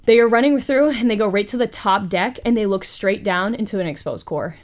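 A woman hosting a podcast. She retells a story in a casual, animated way, with profane asides. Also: medium pitch, a little fast. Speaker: podcast host.

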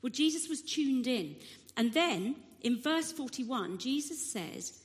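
A woman preaches a sermon in a slightly raised voice. She tells the story vividly and acts out the shouting crowd, and a long hall reverb trails each phrase. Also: high-pitched, expressive, takes it slowly.

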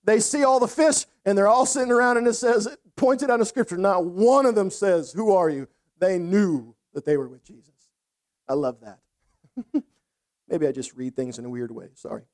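A middle-aged man preaching a sermon in a conversational, animated storytelling way, with laughs. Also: sits high, normal speed. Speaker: pastor.

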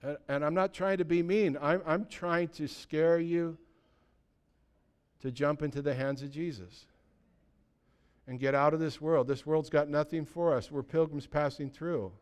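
A pastor preaching an urgent, emphatic sermon, repeating short declarations and dropping low and soft when he pleads. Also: steady tone, unhurried, clean tone.

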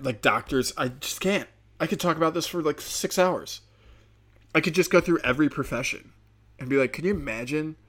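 A man rambling alone on his podcast, swearing freely, laughing at his own jokes and breaking into quick impressions of other people. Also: medium pitch, a bit bright. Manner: acts out quoted people in sudden bursts. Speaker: podcast host. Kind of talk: solo podcast rant.

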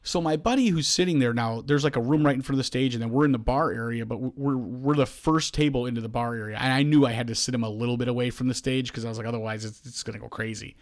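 A man's voice: medium pitch, quick pace, hardly any pauses. A man, hosting a casual podcast chat and telling a long story, acting out the voices of the people in it. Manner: animated, acts out quoted voices, frequent restarts. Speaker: podcast host.

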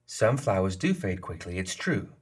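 A man's voice: low-pitched, big pitch swings, normal speed, husky, exaggerated voice. A man reading the lines of a sly, smug female geisha leader in an audiobook, playful and knowing in tone. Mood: smug, teasing.

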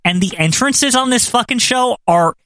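Male podcast co-host, excitable and crude, animated and bright. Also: very high voice, normal speed, dry recording, studio quality. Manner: excitable, profane, many fillers. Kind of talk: casual chat.

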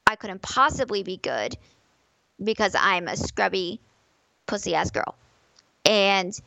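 A woman's voice: mid-range voice, creaky, bright, forceful tone, dry recording, poor audio. Emphatic woman on a dry mic. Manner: emphatic, repeats key phrases. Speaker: podcast guest, competitive fighting game player. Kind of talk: casual podcast conversation.

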